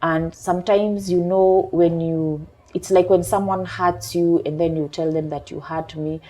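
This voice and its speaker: A woman coach on a talk show, calmly explaining her point through everyday examples. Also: fairly low pitch. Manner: calm, measured explaining with examples. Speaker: emotional intelligence coach.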